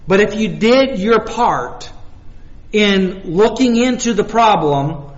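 A man's voice: sits high, lively intonation, takes it slowly, in a large hall, dull audio. A man preaching a sermon in a conversational way, telling personal stories and acting out little dialogues. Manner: conversational, with repeated restarts and acted-out dialogue.

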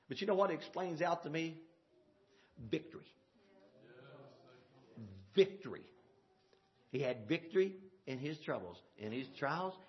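A man preaching a sermon, swinging from loud shouted points to low murmurs, with laughing asides. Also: highs cut off.

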